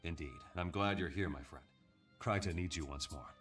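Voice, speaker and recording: An actor voicing a grave, steady military captain in a video game cutscene, explaining things in a serious, measured manner, with background music. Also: male voice, low voice, distant mic.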